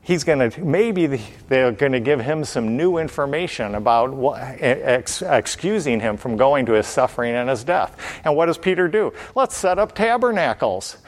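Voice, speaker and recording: A man's voice: medium pitch, expressive, moderate pace, few pauses. A man preaching a Bible study sermon, explaining step by step and repeating key phrases for emphasis.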